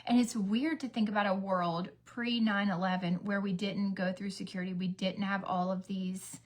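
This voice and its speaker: A woman's voice: mid-range voice, fairly even intonation, normal speed. Woman, middle-aged, casual get-ready chat, chatty storyteller, lots of fillers. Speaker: beauty vlogger, mother.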